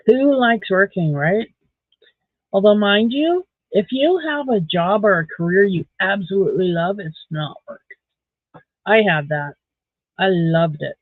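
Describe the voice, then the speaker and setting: A woman's voice: mid-range voice, expressive, unhurried, no echo. Chatty woman on a tinny stream. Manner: rambling, chatty, dry sarcastic asides. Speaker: live-stream host. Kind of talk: casual live-stream chat while crocheting. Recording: dry, tinny phone-like sound.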